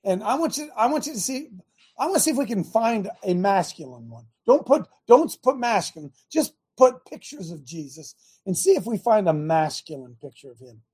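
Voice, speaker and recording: A man hosts a Christian talk show in a fiery, preaching style. His voice is mellow and husky, and he leans on loud bursts of emphasis to provoke his listeners. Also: sits high, very animated, normal speed.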